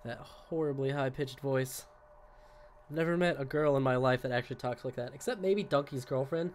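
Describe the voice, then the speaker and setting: A young man streaming a video game, talking casually with excitable outbursts, rambling asides and a lot of swearing. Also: mid-range voice, normal speed. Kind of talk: casual gaming commentary.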